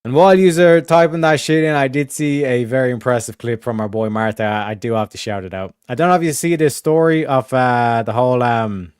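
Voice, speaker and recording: A man's voice: mid-range voice, brisk, few pauses, smooth, no room sound, clean studio sound. An Irish man hosting a stream in casual chat, rambling and swearing, repeating his catchphrases. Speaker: streamer host.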